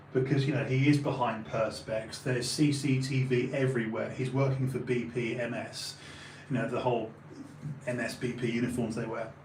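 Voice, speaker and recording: A man in his forties with an Essex and London accent tells a long story as a podcast host, loose and animated, swearing freely and acting out the people in it. His voice sits in a middle register. The room around him is roomy and echoing, with a faint hiss of noise underneath. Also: medium pitch. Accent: Essex and London English. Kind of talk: casual anecdotal storytelling.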